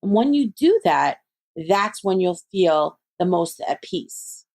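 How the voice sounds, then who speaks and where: A woman's voice: on the low side, sing-song, slow, darkish tone. A woman, a psychic medium being interviewed, who talks animatedly and acts out her friends' voices as she tells stories. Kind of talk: conversational interview.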